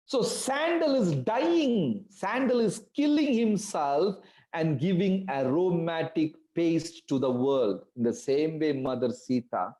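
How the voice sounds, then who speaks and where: Animated male devotional storyteller, echoey room. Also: a little high, slow. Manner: expressive storyteller, voices the characters' pleas. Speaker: spiritual teacher.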